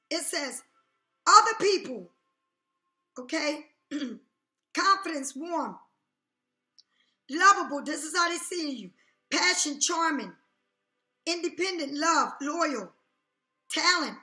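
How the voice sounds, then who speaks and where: Emphatic high-voiced woman reading tarot. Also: sharp tone, echoey room. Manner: emphatic, repeats phrases, frequent "okay?" check-ins. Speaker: tarot reader. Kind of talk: casual tarot reading to camera.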